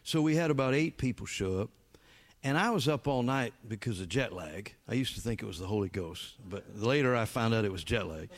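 A man preaching a sermon, telling a story with animated emphasis and halting restarts. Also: lowish voice. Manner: halting restarts and repeated words. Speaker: pastor.

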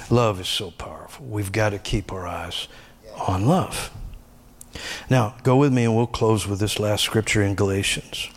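A middle-aged man preaching a sermon, swinging between emphatic high bursts and quieter personal asides. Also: unhurried. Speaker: pastor.

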